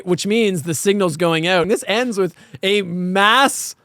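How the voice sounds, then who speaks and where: A man co-hosts a casual podcast about horror films, speaking in a fairly high voice. He talks animatedly and swears freely. The recording is close and dry. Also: a little slow, no echo. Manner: animated, profane, laughs while talking. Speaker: podcast co-host. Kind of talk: casual horror film review chat.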